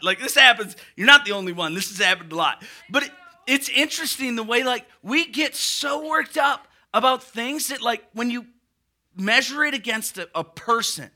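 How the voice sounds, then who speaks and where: A male pastor preaching a sermon in an animated, conversational way with rising emphasis. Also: very high-pitched.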